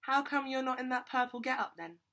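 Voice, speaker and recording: A cheery, friendly young woman minding the carriage door, as a woman reads her aloud. She talks brightly and a bit higher than the reader's own voice, in a storybook reading. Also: animated, fairly quick.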